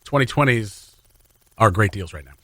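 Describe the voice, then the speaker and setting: Brief: chatty male morning radio host, bright forceful tone, dry close studio sound, quick to laugh. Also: lowish voice, animated, no echo. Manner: laughs often, chatty and upbeat. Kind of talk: casual on-air banter. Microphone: studio microphone.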